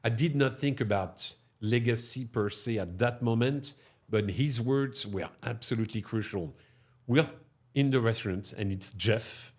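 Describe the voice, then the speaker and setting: A man's voice: mid-range voice, unhurried, husky. A middle-aged man with a French accent, a restaurateur telling stories in an interview and tagging his sentences with "no?" and "huh?". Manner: animated, tags sentences with "no?" and "huh?". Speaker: restaurateur guest. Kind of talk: storytelling interview talk.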